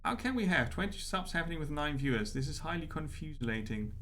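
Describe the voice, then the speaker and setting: A man's voice: fairly high pitch, lively intonation, a little fast, fairly bright tone, slight background noise. A man streaming a game live, chatting to his viewers and laughing often. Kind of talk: live gameplay commentary.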